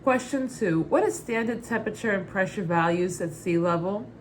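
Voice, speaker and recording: A woman putting on her mother's Brooklyn accent to read out exam questions in an exaggerated, drawn-out way. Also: mid-range voice, a little hiss or hum, lightly acted. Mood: quizzing. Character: brassy middle-aged Brooklyn mom quizzing a pilot.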